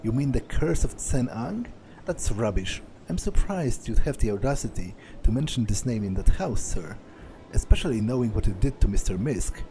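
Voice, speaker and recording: Formal, wary male servant, lively pitch, read by a man. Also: normal speed, slight background noise, natural voice. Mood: guarded. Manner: formal, suspicious. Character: stiff defensive loyal male house servant.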